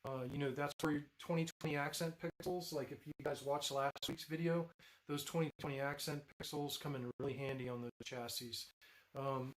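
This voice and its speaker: A man on a casual live stream, talking through his workbench projects in a loose, rambling way full of fillers and restarts. His voice sits a little high for a man, with a faint hiss behind it. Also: rough recording. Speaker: lightsaber builder hosting a live stream. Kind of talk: casual live-stream chat while demonstrating.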